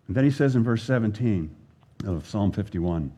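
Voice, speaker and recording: A man preaching a sermon as a pastor, earnest and unhurried, leaning hard on scripture readings and pausing for effect. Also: on the low side, animated, mellow. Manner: earnest, slow preaching with dramatic pauses and emphatic scripture readings.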